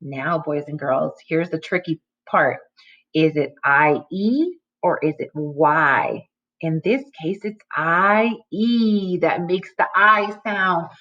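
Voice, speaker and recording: A woman teacher giving a recorded phonics lesson to young children, speaking slowly and articulating every sound clearly. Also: low-pitched, a bit bright, highs cut off.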